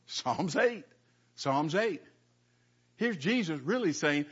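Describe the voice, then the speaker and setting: A man delivering a sermon in an earnest, stop-and-start way, often doubling his words as he reads verses aloud. His voice sits a little high for a man. The recording sounds dull and lo-fi. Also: lively intonation, a bit bright, breathy edge. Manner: earnest, halting, repeats words while reading scripture aloud. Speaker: pastor.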